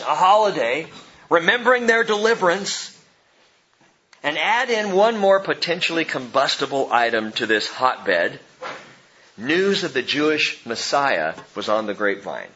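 A male pastor preaching with a lively, rising and falling pitch and a bright, forceful tone. He swings from hushed near-whispers to emphatic peaks and slips in jokes between points. The recording is slightly dull and lo-fi, with faint noise underneath. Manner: dramatic, swings from soft hush to emphatic; jokey asides amid preaching. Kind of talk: sermon.

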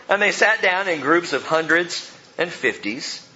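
A man preaching a sermon as pastor, animated and joking, acting out the people in the story. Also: fairly high pitch, unhurried, muffled recording, a little hiss or hum.

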